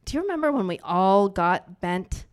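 Brash, smooth-voiced woman performing poetry. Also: mid-range voice, very animated, moderate pace. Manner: brash, profane, playful crowd banter. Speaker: spoken-word poet. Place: live stage in a bar venue.

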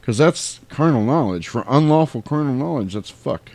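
A man's voice: mid-range voice, moderate pace, gravelly, no echo. A man co-hosting a podcast, casually recapping a film scene by scene and acting out the lines with some swearing. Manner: animated retelling, acting out quotes, swearing. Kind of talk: casual chat.

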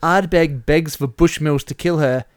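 A man in casual chat, reading out game events with animated play-by-play. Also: on the high side, unhurried, clean tone, no room sound, clean studio sound. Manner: animated play-by-play, chuckling at the results. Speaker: host running a whisky-themed game simulation.

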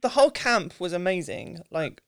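A woman hosting a podcast in casual chat, relaxed and reflective with frequent "um" and "like". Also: lowish voice, moderate pace, vocal fry, a crowd in the background. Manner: relaxed and reflective, many "um"s and "like"s, light laughter. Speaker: podcast host.

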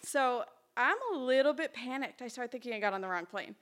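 Woman on stage spinning a funny travel yarn, kinda high voice, chatty and self-mocking. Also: a little fast, fairly bright tone. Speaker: storyteller. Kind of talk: live personal storytelling. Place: small live event hall.

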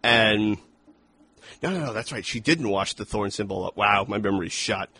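A man's voice: lowish voice, normal speed, sharp tone, husky. A man co-hosting a film review podcast, talking casually and profanely, acting out lines from the movie. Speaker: podcast co-host.

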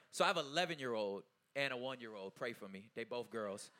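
A man in his thirties giving a casual, animated talk to an audience, often checking in with his listeners and laughing as he goes. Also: mid-range voice, fast talker, hardly any pauses. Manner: loose, informal phrasing with laughs. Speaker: artist speaking at a talkback.

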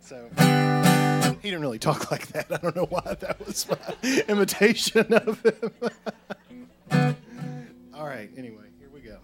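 A man's voice: sits high, big pitch swings, a little slow, pauses often. A man, a guest musician, rambling and laughing self-deprecatingly as he sets up a song. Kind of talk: chatting before a song. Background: guitar playing.

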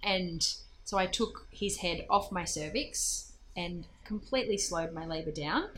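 A woman telling a casual, animated personal story full of fillers and laughs. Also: fairly low pitch, a little slow, slight background noise.

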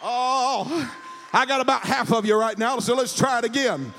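A male pastor preaching a sermon, shouting in a sing-song cadence and stammering repeated words. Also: very high-pitched, a little fast, creaky, slight background noise. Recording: reverberant church hall.

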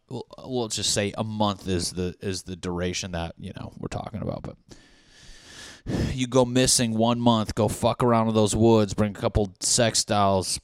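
Young male podcast host, fairly low voice, dry close mic, rambling and foul-mouthed. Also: clean tone, dry recording. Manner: profane, rambling, excitable. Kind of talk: casual rambling monologue.

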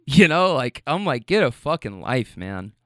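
A man telling a story in a casual rant, profane, heated and animated, with frequent restarts. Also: mid-range voice, unhurried, dry recording, studio quality.

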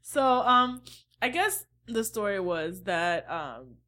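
A woman's voice: medium pitch, animated, slow, bright, forceful tone. A woman co-hosting a true-crime podcast, teasing and laughing often in casual chat. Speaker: podcast co-host.

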